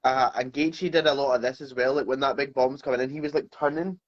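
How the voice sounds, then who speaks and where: A man's voice: mid-range voice, steady tone, fast, highs cut off. A Scottish man co-hosting a podcast, telling things in a laid-back casual chat. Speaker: podcast co-host.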